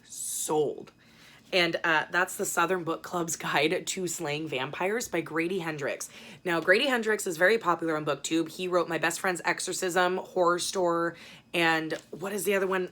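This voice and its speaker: A woman's voice: on the low side, a bit bright. A young adult woman chatting casually as a book vlogger, rambling and swearing now and then. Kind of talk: casual book haul chat.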